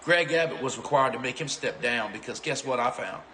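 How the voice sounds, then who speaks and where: A man of middle pitch, cursing and indignant as he gives angry commentary. A faint hiss of noise sits under his voice. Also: fairly quick, bright, forceful tone, poor audio. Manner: profane, indignant.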